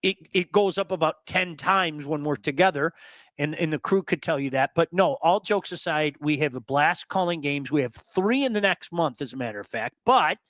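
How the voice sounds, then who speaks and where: Emphatic, animated male sports host. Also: a little high, normal speed, no echo. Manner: emphatic, animated storyteller who repeats words for effect. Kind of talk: casual sports talk.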